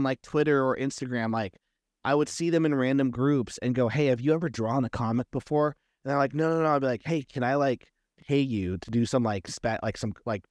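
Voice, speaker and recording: Animated man recounting, dry close sound. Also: medium pitch, no room sound. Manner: animated storytelling, acts out quoted exchanges. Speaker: comic book creator, guest. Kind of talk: casual interview talk.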